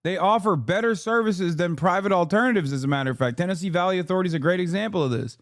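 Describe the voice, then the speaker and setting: A man giving casual reaction commentary as a streamer and political commentator, ranting in a profane way with quick asides. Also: high-pitched, no echo, clean studio sound.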